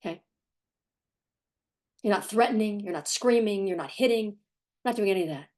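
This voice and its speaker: A woman's voice: medium pitch, lively intonation, moderate pace, darkish tone. A middle-aged woman who works as a parenting coach, giving firm, emphatic advice straight to the camera and often repeating herself. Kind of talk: direct-to-camera advice talk.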